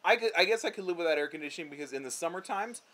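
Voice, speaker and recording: A man's voice: a little high, racing. Guy co-hosting a chatty vlog, rambles a lot, voice jumps around. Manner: rambling, animated, restarts often. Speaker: vlog co-host. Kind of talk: casual chat.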